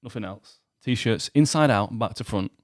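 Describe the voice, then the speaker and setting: A man, co-hosting a goalkeeper podcast and telling an animated night-out story with lots of acted quotes. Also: fairly low pitch, normal speed, dry recording, clean studio sound. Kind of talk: casual chat, telling a story.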